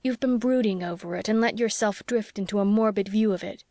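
Woman reading a kind sensible young woman, calm and soothing, reasoning gently, dry close recording. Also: mid-range voice, a little fast, no echo, lightly acted.

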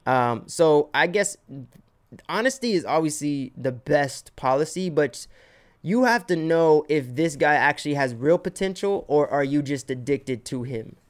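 Man with a smooth, clear voice. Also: fairly high pitch, expressive. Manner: joking, laughs often, talks fast at times. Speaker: podcast host. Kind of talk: casual podcast chat.

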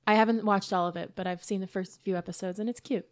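A woman's voice: medium pitch, fairly even intonation, quick pace. Easygoing woman chatting on a podcast. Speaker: podcast co-host. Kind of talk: casual chat.

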